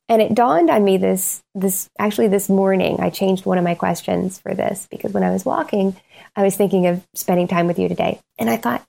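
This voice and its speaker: With some vocal fry in her slightly mellow, mid-range voice, a woman co-hosting a podcast chats casually. She rambles earnestly, using fillers and starting over, and she's tearful, occasionally crying.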